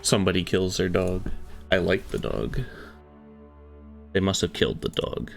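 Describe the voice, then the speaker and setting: A man narrating a dark first-person story in a hushed, brooding, confessional way. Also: deep voice, animated, normal speed, gravelly. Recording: soft music behind.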